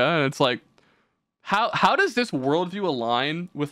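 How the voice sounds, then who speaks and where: A man's voice: a little high, a little fast, sharp tone, smooth, no echo, clean studio sound. A young man hosting a podcast, talking in a rambling, profane way and slipping into mocking voices. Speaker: podcast host. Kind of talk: casual podcast chat.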